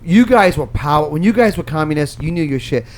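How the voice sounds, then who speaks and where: A man's voice: fairly high pitch, lively intonation, fairly quick. Teasing New Jersey talk host, man. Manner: teasing, loud, playful. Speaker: radio talk show host. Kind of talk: joking interview banter.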